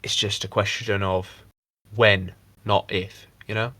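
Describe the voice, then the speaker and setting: A man co-hosting a casual podcast, rambling and swearing freely as he mocks people with quick impressions. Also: fairly low pitch, flat delivery, bright, forceful tone, no room sound. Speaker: podcast co-host. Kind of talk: casual chat.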